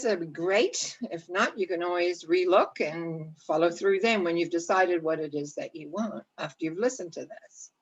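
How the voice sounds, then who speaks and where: A middle-aged woman giving a motivational talk on setting goals, gently guiding listeners through a visualization and often restarting her sentences. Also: mid-range voice, lo-fi sound. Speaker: life coach.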